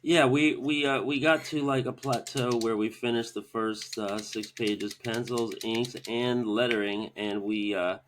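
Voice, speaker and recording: A man's voice: mid-range voice, level tone, a little slow, hardly any pauses, fairly bright tone, slight background noise. A man talking casually as a podcast guest, hesitant and full of fillers. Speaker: podcast guest, comic artist. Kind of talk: casual chat.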